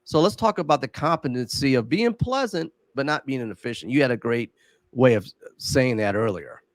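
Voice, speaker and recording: A man's voice: mid-range voice, animated, normal speed, no echo. A man co-hosting a casual podcast conversation, talking in an easygoing way and often repeating words as he thinks aloud. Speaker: podcast co-host.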